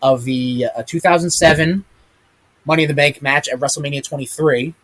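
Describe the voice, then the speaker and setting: In a streaming room dominated by a big chat monitor, a podcast host rambles through a live wrestling chat, full of ums and offhand swearing. His voice is a little high and a bit bright, fairly quick, with fairly even intonation.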